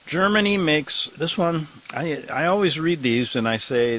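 A man's voice: medium pitch, animated, moderate pace, few pauses, fairly bright tone, rough recording. An older man hosting a talk radio show, rambling and sarcastic, chuckling at his own remarks and fighting a slight cough. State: has a cough.

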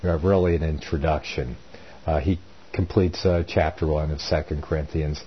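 Deep, husky male Bible host, folksy and rambling, dull lo-fi sound. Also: steady tone, normal speed. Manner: rambling, self-correcting, folksy. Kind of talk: informal Bible reading and commentary. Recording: dull lo-fi recording.

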